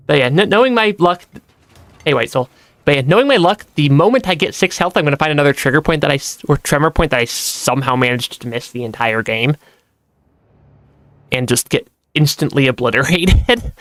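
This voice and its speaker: A game streamer giving relaxed let's-play commentary, chatty, laughing often and restarting sentences as they go. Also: mid-range voice, dry recording. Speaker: gaming streamer.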